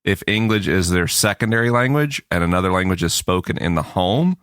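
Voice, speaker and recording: A man's voice: low-pitched, animated, brisk, a bit bright, clear, resonant tone, no room sound. A man with a Florida Panhandle Southern accent, trading casual podcast banter as a guest co-host with dry, understated asides.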